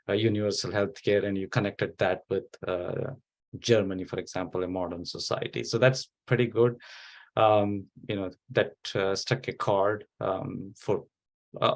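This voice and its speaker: A man giving halting feedback as a debate judge over a video call. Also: deep voice, gravelly. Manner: halting, hesitant. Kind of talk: spoken feedback.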